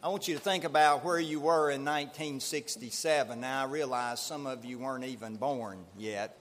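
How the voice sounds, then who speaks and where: A man preaching a Sunday sermon in a slow, deliberate, measured way. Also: medium pitch, a bit bright. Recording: long hall reverb.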